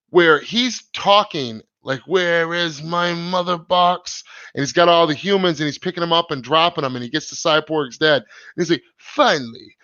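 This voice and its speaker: A man hosting a live stream, chatting casually in an excited, rambling, slangy way with many restarts. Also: a little high, no echo, muffled recording.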